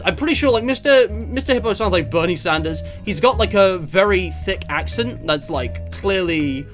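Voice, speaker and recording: A man's voice: sits high, lively intonation, moderate pace, few pauses. A man from England chatting casually on a live stream, rambling with lots of fillers and self-deprecating asides. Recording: music playing under the voice.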